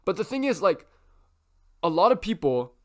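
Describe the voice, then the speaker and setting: A man's voice: sits high, sing-song, normal speed, a bit bright. A young man talking casually to camera about self-improvement, rambling with lots of filler words and tag questions. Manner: rambling, heavy use of "like" and "right?".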